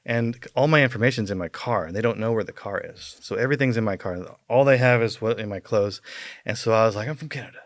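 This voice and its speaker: A man's voice: fairly low pitch, fast, dry recording. Man telling a rambling story, dry mic. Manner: rambling, many fillers, chuckles through the tale. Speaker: podcast guest. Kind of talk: casual storytelling.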